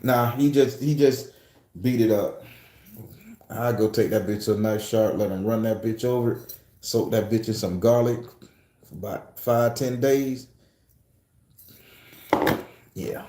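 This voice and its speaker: A man's voice: on the low side, measured pace, pauses often, dark tone, roomy sound. A man hosting a casual livestream from home, reading viewer comments and telling stories in a loose, profane, joking way. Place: room at home.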